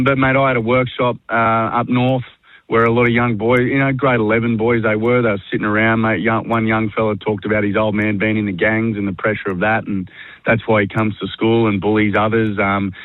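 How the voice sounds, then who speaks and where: A man's voice: lowish voice, no room sound. An Australian man being interviewed on radio, talking earnestly and casually, calling everyone mate. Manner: blokey, says mate constantly, earnest. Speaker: workshop facilitator and guest. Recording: tinny phone line.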